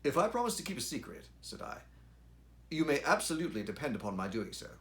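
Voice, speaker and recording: Un hombre que lee como un joven ingeniero formal. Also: male voice, medium pitch, very animated, quick pace, fairly bright tone, voice pushed up. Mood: earnest. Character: young, struggling, earnest male engineer.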